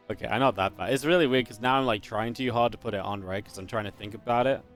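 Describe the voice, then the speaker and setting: A man's voice: lowish voice, quick pace, faint music behind. Chatty young Geordie man casting. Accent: northeast English (Geordie). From northeast England. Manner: chatty, rambling, with light laughs. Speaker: esports caster. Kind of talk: casual live-stream commentary and chat.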